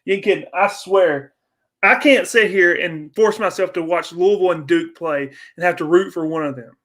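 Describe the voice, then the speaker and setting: A man's voice: sits high, normal speed, fairly bright tone. A young man hosting a casual livestream, ranting and swearing in frustration while chatting with viewers. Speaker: livestream host.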